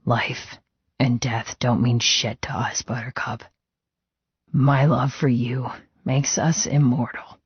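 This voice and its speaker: A woman voicing an injured, groggy man who murmurs tender comfort in a croaky whisper. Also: fairly even intonation, takes it slowly, pauses often, dry recording, muffled recording, exaggerated voice. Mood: soothing. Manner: soft, breathy, low-level murmur.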